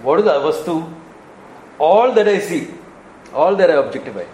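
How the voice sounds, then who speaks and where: A man's voice: fairly high pitch, normal speed, slight background noise. Male Indian spiritual teacher, Kerala-born, chuckling storyteller in an echoey hall. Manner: animated storytelling, acts out dialogues, chuckles often. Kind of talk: Vedanta discourse.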